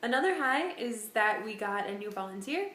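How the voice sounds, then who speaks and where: A young American woman in her twenties, a volunteer, chatting casually about her day and telling stories in an animated way. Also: medium pitch, normal speed. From United States. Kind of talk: casual chat. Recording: echoey room.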